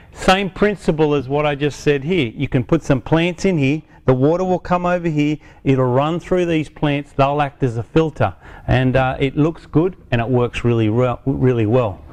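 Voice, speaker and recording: A man's voice: a little high, darkish tone. Chatty man demonstrating garden products. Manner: chatty, self-correcting, explains step by step while handling products. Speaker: product presenter. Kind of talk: casual hands-on product demonstration. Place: outdoors on a hot day.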